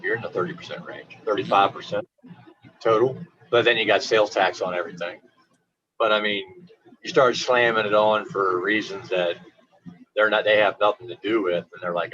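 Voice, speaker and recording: A man's voice: on the low side, steady tone, fairly quick, sharp tone. A man from California chatting casually on a video call, rambling and grumbling. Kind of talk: casual chat. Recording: dull lo-fi call audio.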